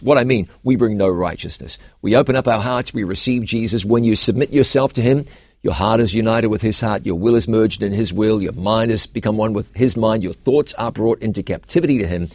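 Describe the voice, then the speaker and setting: A man's voice: on the low side, darkish tone, no room sound, clean studio sound. A man, a pastor co-hosting a Bible question show, who explains scripture with an earnest preaching cadence. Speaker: pastor and co-host. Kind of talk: Bible Q&A discussion.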